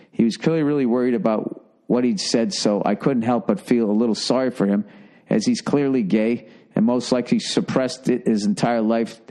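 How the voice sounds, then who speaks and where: A man's voice: mid-range voice, a little mellow. A man hosting a podcast, reading listener letters aloud and cutting in with blunt, profane, exasperated asides. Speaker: podcast host.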